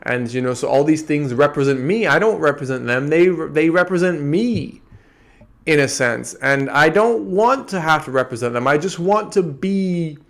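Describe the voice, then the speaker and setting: A man's voice: a little high, lively intonation, moderate pace, vocal fry, a bit bright. A man from Antigua with an American-tinged accent, talking through his ideas in a meandering, reflective podcast monologue. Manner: meandering, restarts often. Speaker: podcast host.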